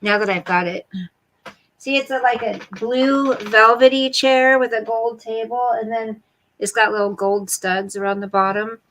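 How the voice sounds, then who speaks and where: Chatting casually on a livestream from home, a woman rambles bluntly to viewers and her pet. Her voice is fairly high and fairly bright, unhurried, with fairly even intonation, and the rough recording carries slight background noise.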